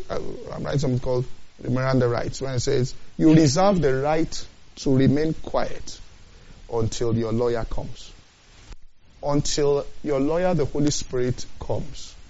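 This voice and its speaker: A man's voice: mid-range voice, mellow. Guy preaching a sermon, keeps asking "you understand?", kinda muffled recording. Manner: emphatic, repeats phrases, asks the listeners questions; quotes scripture in a slow, deliberate cadence.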